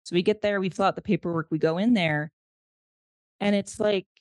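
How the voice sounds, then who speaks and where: A woman in her thirties, a podcast guest and mother of a child with special needs, tells her story candidly in an interview. Her mid-range, slightly mellow voice moves fairly quickly, earnest and reflective as she emotionally retells events, with no room sound.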